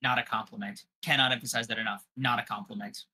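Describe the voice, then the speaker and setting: Brash, bright-voiced young man. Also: medium pitch, fairly even intonation, quick pace, slightly rough. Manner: brash, profane trash talk. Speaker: podcast co-host. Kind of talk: casual livestream chat.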